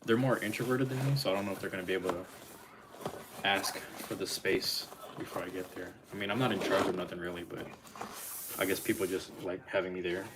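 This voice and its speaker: A man's voice: sits low, fairly even intonation, brisk, heavy background noise. A young man casually chatting on his live stream, laid-back and rambling, with loose slang.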